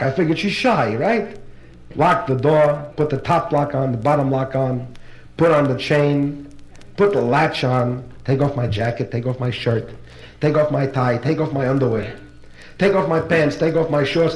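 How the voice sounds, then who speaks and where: A male stand-up comic working a club crowd, his voice sitting a touch high for a man. He rattles off gags briskly and lands each punchline with practiced timing. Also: a little hiss or hum. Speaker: stand-up comedian. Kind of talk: nightclub stand-up routine. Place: live club show before an audience. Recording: live LP recording with distant crowd laughter.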